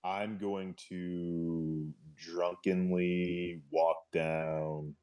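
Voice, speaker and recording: A man playing a tabletop game, speaking slowly and deliberately. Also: low-pitched, little pitch movement, dark tone, smooth. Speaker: player. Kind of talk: tabletop role-play.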